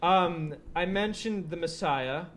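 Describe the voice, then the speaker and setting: A man's voice: high-pitched, slow. Guy hosting a live podcast at a bar, laughs a lot, faint noise behind. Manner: laughs often between remarks. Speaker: podcast host.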